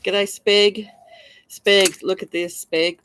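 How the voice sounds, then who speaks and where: A woman's voice: mid-range voice, flat delivery, slow, fairly bright tone, clean tone, dry recording, low-quality recording. An Australian woman chatting casually on her first livestream, showing and selling coins, gushing and full of fillers. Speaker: coin seller on a livestream. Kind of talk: casual live selling chat.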